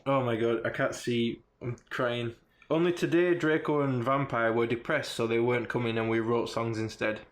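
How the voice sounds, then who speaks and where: A man's voice: medium pitch, fairly even intonation, moderate pace. A man co-hosting a podcast, reading a text aloud for comedy and often breaking into giggles. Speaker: podcast co-host.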